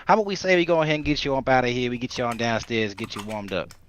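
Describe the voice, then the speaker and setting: A man's voice: mid-range voice, rapid-fire, smooth, lightly acted. A man voicing a talkative, folksy rabbit-eared man who drawls and stammers.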